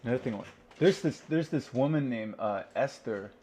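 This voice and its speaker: A man's voice: medium pitch, animated, brisk, noisy background. A man venting in a rambling solo rant at home, asking and answering his own questions and swearing freely. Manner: rambling, profane, talks to himself. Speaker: vlogger. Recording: dull lo-fi recording.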